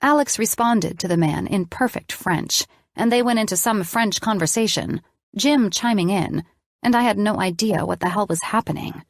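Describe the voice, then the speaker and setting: A woman's voice: medium pitch, normal speed, dry recording, clean studio sound. A woman narrating an audiobook in the first person, reading expressively.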